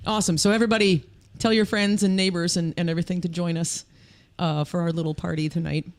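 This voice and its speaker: A woman co-hosting a livestreamed podcast, chatty and quick to laugh and agree. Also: on the low side, steady tone. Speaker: podcast co-host. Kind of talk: casual livestream chat.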